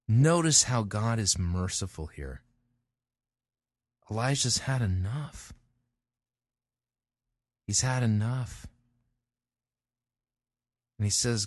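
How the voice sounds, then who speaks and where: A man's voice: lowish voice, animated, takes it slowly, long pauses, no room sound. A man hosting a show, reading scripture aloud and cutting in with dry, sarcastic remarks. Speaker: podcast host and critic.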